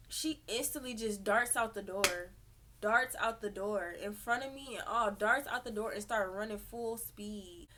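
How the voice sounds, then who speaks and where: Young woman, slightly high and bright, storytime vlogger who acts out every quote. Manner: animated, profane, acts out quotes. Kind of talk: storytime vlog.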